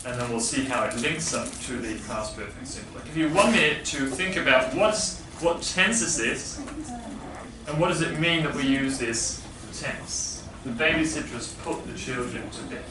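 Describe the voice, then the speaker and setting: Speaking at medium pitch and normal speed, a man teaches an English grammar lesson, patiently explaining and asking the class questions. The recording is distant and echoey, made in a classroom with background noise.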